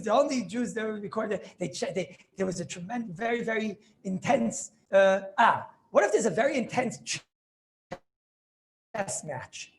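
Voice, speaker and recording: A man, a rabbi, giving an informal class in a chatty, animated way, often checking whether his students understand. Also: high-pitched, moderate pace.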